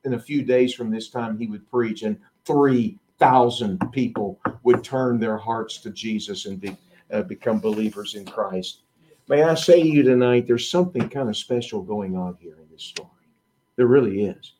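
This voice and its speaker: A man's voice: lowish voice, moderate pace, a little hiss or hum. Preacher man telling a Bible story. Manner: acts out the disciples' voices, swings between loud and hushed. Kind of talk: sermon.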